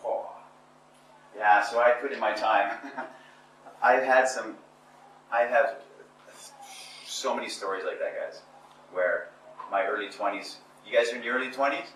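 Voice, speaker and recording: A man speaks to a small group in a bright, clear voice, mocking himself as he acts out scenes from old stories. He is a little way off from the mic in a very echoey room. Faint room noise sits behind him. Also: medium pitch, measured pace, long pauses, distant mic. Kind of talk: casual talk to a small group.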